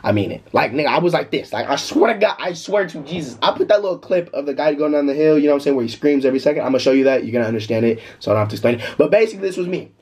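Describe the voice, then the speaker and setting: A young man tells a story to his vlog in a loose, slangy, animated way. His voice is husky and a little breathy, and it swings widely in pitch, jumping high whenever he gets worked up. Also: rapid-fire, hardly any pauses. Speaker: vlogger. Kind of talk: casual storytime.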